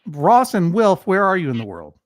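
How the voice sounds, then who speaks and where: Lively, playful man hosting a chat. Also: high voice, normal speed, no echo, clean studio sound. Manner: playful, rambling, absurd asides. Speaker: talk show host. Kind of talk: casual video chat.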